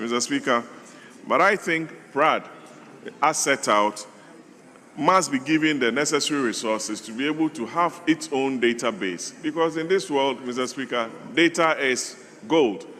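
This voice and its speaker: A man's voice: medium pitch, bright, forceful tone, long reverb tail. A man with a Ghanaian accent, a member of parliament giving a formal, emphatic debate speech in a large chamber. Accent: Ghanaian English.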